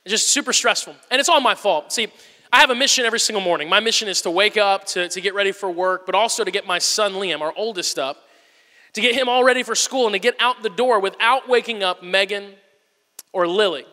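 A man in his thirties, a pastor giving an animated, storytelling sermon to his church. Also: high voice, fast. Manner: animated storytelling, acts out whisper-yelling. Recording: long hall reverb.

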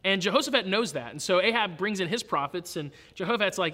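Bright-voiced man teaching the Bible. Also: high voice, expressive, quick pace, in a large hall. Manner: casual, with repeated restarts. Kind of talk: Bible reading with explanation.

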